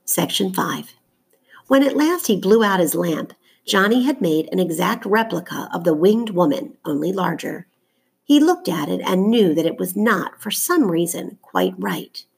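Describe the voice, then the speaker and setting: Low, gravelly woman reading a novel. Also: very animated, unhurried. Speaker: audiobook narrator. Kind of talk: reading a children's novel aloud.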